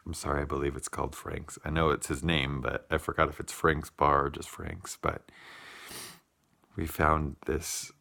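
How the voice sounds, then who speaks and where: A man telling a heartfelt personal story in a vlog, unhurried, with many pauses and fillers. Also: a bass voice, flat delivery, gravelly, pushed and bright. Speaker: vlogger.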